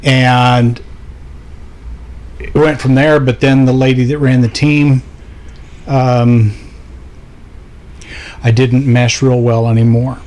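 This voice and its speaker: A man with a voice of ordinary pitch talks as a guest, relaxed and joking. He tells his story in a casual, unhurried way, sitting on a couch in a studio. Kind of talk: casual chat.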